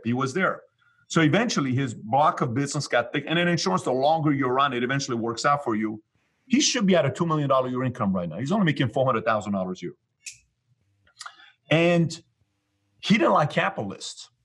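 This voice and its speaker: A man's voice: mid-range voice, fairly bright tone, breathy edge. A man from Iran, a guest in an interview, telling stories and acting out both sides of past conversations. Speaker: guest, business leader. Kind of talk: storytelling in an interview.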